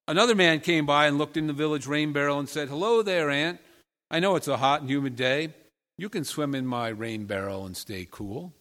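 A man's voice: fairly high pitch, a bit bright. Guy pastor preaching, chatty, asks the crowd stuff, voice echoing round a big church. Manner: conversational, talks directly to the congregation with questions. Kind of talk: sermon. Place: church sanctuary. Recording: long reverb of a large hall.

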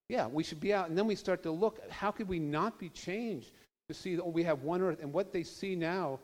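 A man's voice: medium pitch, a little mellow. A man giving an informal, earnest talk to an audience, conversational and sometimes emphatic. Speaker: speaker addressing an audience. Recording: long hall reverb.

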